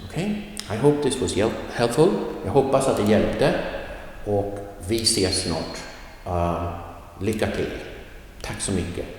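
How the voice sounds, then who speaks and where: A man teaching a language video lesson, explaining slowly and carefully and modeling example sentences aloud. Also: on the low side, a little mellow, slight background noise. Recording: very echoey room with long reverb.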